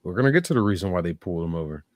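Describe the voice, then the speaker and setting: A man's voice: low-pitched, animated, racing, no room sound. A man giving blunt, sarcastic live reaction commentary, swearing freely. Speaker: streamer reacting to videos.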